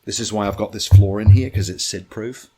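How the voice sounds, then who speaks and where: A man telling animated, profane comic stories as a podcast guest. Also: on the low side, brisk, slightly rough. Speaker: guest storyteller. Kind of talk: casual anecdote telling.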